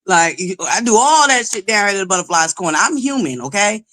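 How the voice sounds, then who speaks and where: A woman hosting a livestream, loud and belligerent, who swears nonstop while greeting viewers and pushing for likes. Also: mid-range voice, sing-song, fairly quick. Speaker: livestream host. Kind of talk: profane live-chat commentary.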